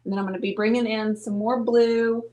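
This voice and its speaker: A woman with a slightly high voice and flat, brisk delivery chats playfully during a live painting show, describing her steps as she works. Crowd noise can be heard, and the room is echoey.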